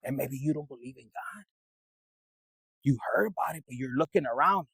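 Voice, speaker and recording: A man's voice: mid-range voice, lively intonation, moderate pace, vocal fry, a bit bright, slightly rough, no echo, low-quality recording. A man giving a casual tarot reading, rambling and streetwise, swearing freely as he talks to viewers. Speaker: tarot reader.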